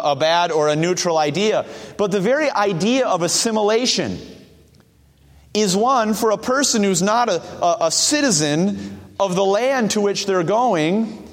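A man preaching a sermon, asking earnest rhetorical questions and reading scripture slowly. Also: a little high, long reverb tail.

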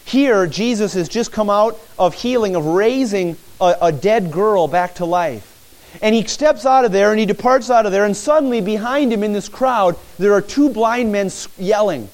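A man preaching a sermon as pastor, animated, acting out the shouted pleas of the people in the story. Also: high voice, moderate pace.

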